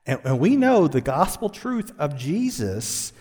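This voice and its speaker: High-voiced man preaching in a hall. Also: sing-song, measured pace, darkish tone, husky. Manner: impassioned preaching, building to emphatic highs. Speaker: pastor. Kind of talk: sermon.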